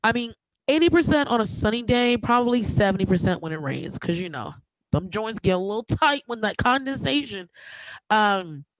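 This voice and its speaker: A woman's voice: medium pitch, animated, moderate pace, no room sound, low-quality recording. A woman in her thirties hosting a podcast, talking candidly and with emotion, joking now and then, with many fillers and restarts. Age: 30s. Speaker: podcast host. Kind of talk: casual podcast monologue.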